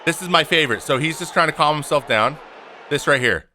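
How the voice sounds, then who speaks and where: A man in his thirties giving animated, opinionated casual commentary over game footage, acting out what the players say. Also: fairly high pitch, brisk. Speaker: podcast host and former pitcher.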